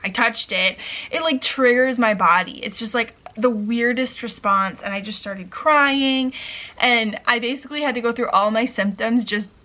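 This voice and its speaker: A woman's voice: fairly high pitch, moderate pace, sharp tone. Breathless woman vlogging casually. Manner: rambling, many "like" fillers. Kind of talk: casual vlog chat. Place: at home by a window.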